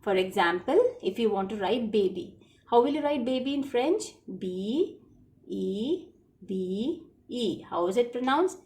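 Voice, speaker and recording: A woman's voice: a little high, lively intonation, unhurried, darkish tone. A woman, teaching French to children in a patient lesson, repeating each word.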